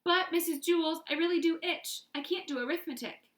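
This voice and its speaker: A woman's voice: very high voice, normal speed, roomy sound, pitched above the performer's own voice. A woman voicing a whiny schoolgirl who complains she itches all over. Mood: whining. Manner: whining.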